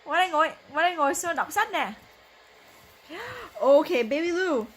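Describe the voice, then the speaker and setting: There's slight background noise as a mother, Vietnamese by first language, plays a bedtime game with her little one, playful and coaxing while alternating languages and laughing often. Her high, fairly bright voice is expressive and moves at a normal speed.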